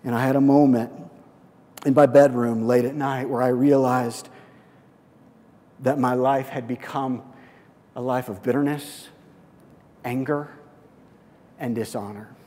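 A man preaching a sermon, telling a personal story and slipping into excited, quoted voices. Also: medium pitch, unhurried, long pauses, big-room sound. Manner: storytelling with lively swings into excited quoted speech. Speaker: pastor.

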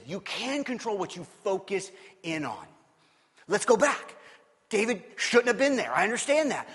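A middle-aged man preaching a sermon as a pastor, telling stories with animated swings between loud and quiet. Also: high-pitched, slightly rough. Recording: long hall reverb.

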